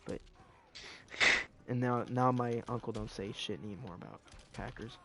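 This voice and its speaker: A man chatting casually with friends, telling stories with excitement and frequent swearing. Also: mid-range voice, normal speed, slight background noise. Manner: excitable storyteller, swears often. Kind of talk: casual chat among friends.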